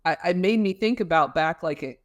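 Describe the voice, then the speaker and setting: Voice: mid-range voice, lively intonation, a little fast, no room sound. A parenting expert on a podcast, explaining ideas with everyday comparisons and frequent fillers. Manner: thoughtful, explains with everyday analogies, many fillers. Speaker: parenting counselor or expert guest.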